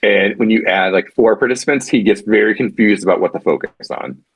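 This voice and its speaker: A man co-hosting a casual podcast chat, rambling and animated, with frequent restarts and swearing. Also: on the low side, brisk, breathy edge, no echo. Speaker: podcast co-host.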